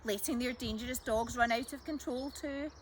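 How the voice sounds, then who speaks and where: A woman's voice: fairly high pitch, normal speed, slight background noise, close to an everyday voice. A woman voicing an indignant, fussy old lady who scolds, tuts and muddles up her words. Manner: squawking, tutting and scolding.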